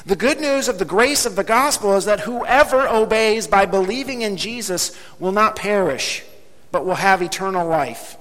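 A man preaching a sermon as pastor, speaking emphatically and slowing down to drop low on key words. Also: a bit bright. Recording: long hall reverb.

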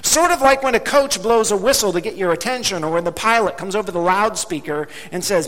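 A man preaching a sermon as pastor, speaking emphatically and slowing down to drop low on key words. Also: a bit bright. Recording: long hall reverb.

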